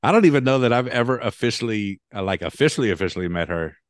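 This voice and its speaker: Low-voiced podcast host, dry close sound. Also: male voice, expressive, fast, no echo. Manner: easygoing, repeats words and restarts phrases while thinking aloud. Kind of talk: casual chat.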